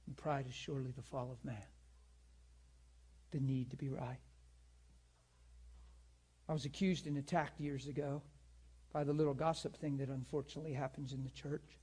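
A man preaching a sermon, emphatic, swinging between raised and hushed delivery. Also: medium pitch, fairly even intonation, moderate pace, pauses often, husky.

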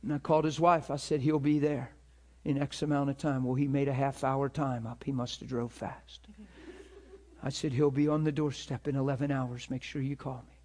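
A man preaching to a ministry school, telling a story with emphatic, animated delivery and acted-out dialogue. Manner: animated, emphatic, acts out dialogue with rising pitch. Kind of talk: sermon storytelling.

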